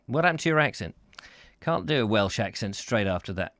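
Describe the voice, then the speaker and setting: A man's voice: mid-range voice, expressive, quick pace, fairly bright tone, no room sound. A man hosting a live comic chat show, rambling through jokes, asides and thank-yous. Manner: rambling, jokey, chatty asides. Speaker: host.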